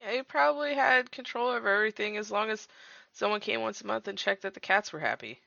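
Gravelly bright young woman, lo-fi. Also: mid-range voice, expressive, fast talker. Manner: laid-back, short replies. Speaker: podcast co-host. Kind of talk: casual chat.

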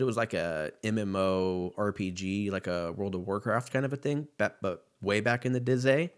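A man in his thirties hosting a casual solo podcast, rambling and swearing freely as he riffs. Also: lowish voice. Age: 30s. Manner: rambling, profane, laid-back riffing. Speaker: podcast host.

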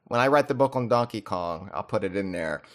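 Joking podcast host, lively pitch. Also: male voice, a little fast. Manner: rambling, joking, with filler restarts. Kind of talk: casual chat.

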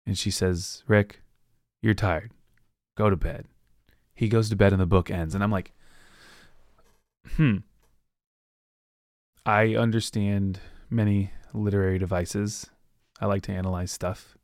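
Male podcast host, low voice, dry close sound, loose rambling book chat. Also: level tone, darkish tone, no room sound. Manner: rambling, acts out characters with quick voices. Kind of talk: casual book recap monologue.

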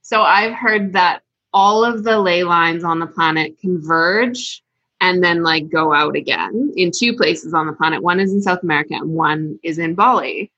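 A woman hosting a casual interview, chatting in a relaxed way with many fillers. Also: fairly low pitch, normal speed, no room sound. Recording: dull, dry, lo-fi sound.

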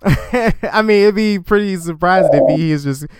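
A man's voice: sits high, normal speed, a little hiss or hum. A male podcast host chatting casually and nudging his guest on with short replies. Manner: brief encouraging interjections. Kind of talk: casual interview.

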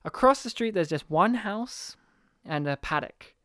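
Man, smooth clear voice, dry close sound, animated storyteller, huffing and sighing as he acts out his past self. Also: high-pitched, a little slow, dry recording. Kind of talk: casual chat, animated storytelling.

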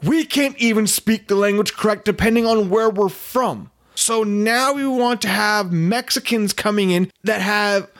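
A man's voice: sits high, a bit bright. A man co-hosting a podcast, chatting casually in a wry, self-mocking way and going off on rants. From United States. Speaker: podcast co-host.

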